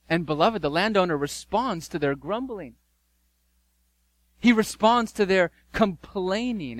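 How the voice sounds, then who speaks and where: A male pastor preaching a sermon, telling a story with emphatic repetition and dramatic pauses. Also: a little high, no echo, rough recording.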